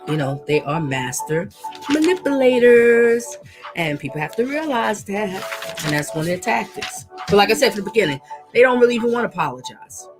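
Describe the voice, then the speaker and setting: A woman's voice: medium pitch, very animated, moderate pace, music in the background. A woman hosting a casual livestream, talking emphatically, repeating herself and reading out viewer comments. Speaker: livestream host and coach.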